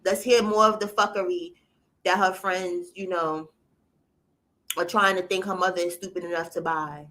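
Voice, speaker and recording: A woman's voice: lowish voice, fairly even intonation, normal speed, a bit bright. A woman hosting a livestream, ranting bluntly to her viewers in casual, profane reaction commentary. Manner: indignant ranting. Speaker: livestream host.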